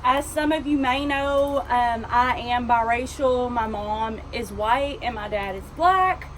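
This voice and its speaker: A woman's voice: on the high side, slow, a little hiss or hum. A woman in her twenties from Texas with a strong Southern drawl, telling a casual, candid storytime vlog full of fillers and restarts. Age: 20s. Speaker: vlogger.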